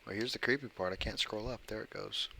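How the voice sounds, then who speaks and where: A man hosting a livestream, reading short creepy stories aloud and chatting with viewers between them, pausing deliberately between his words. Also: lowish voice, creaky, pushed and bright, slight background noise. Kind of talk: casual stream reading of short horror stories.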